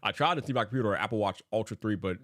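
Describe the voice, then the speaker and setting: A young man hosting a casual livestream, animated and slangy, laughing often. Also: lowish voice, rapid-fire, dry recording, studio quality. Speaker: livestream host.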